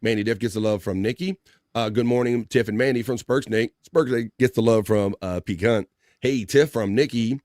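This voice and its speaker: A man hosts a casual live talk stream and reads viewer comments aloud. He talks in a loose, rambling way, full of "uh" and "like." His voice sits in a middle pitch and sounds close and dry. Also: normal speed, no room sound. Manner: relaxed, rambling, many fillers. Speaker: livestream talk show host.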